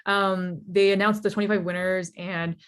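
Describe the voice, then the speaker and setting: A young woman telling her founder story in a lively, casual talk, full of fillers and laughs. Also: mid-range voice, normal speed, clean tone. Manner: animated, laughs often, many fillers like "you know" and "like". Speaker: startup founder speaker.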